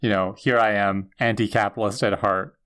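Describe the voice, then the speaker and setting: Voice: sits low, fairly even intonation, a little fast, a bit bright. A podcast co-host in casual chat about a TV episode, reacting with enthusiasm and frequent laughter.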